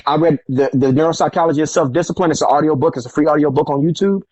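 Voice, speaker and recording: A man in relaxed conversation telling stories from his life, acting out what others said, with street slang. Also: on the high side, very fast, no room sound, dull audio. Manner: animated, acts out quoted voices, street slang. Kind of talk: casual storytelling conversation.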